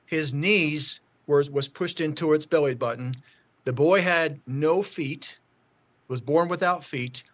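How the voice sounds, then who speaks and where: A man telling a church testimony story on a call, halting, with many fillers and restarts. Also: fairly high pitch, a bit bright. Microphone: call audio.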